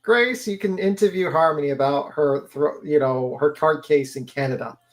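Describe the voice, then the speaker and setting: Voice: medium pitch, normal speed. A panelist speaks in a loose, casual way on a live audio stream, with many fillers and frequent swearing. The voice sits in a middle range. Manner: casual, profane, filler-heavy.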